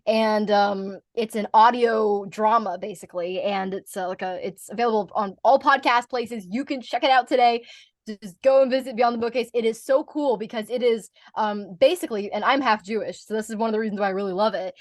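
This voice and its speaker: A young American woman with a fairly high voice, chatting with animated energy. She laughs often and stumbles through fillers and restarts. The sound is dry and close to the mic. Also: a little fast, no echo. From United States. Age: young adult. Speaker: guest, voice actor and speaker. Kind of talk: casual interview chat.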